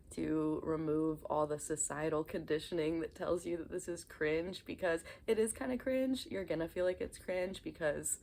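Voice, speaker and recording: Low-voiced woman vlogging casually. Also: gravelly, darkish tone. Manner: chatty and apologetic, with frequent ums. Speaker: vlogger talking about inner child healing. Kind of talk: casual talk to camera.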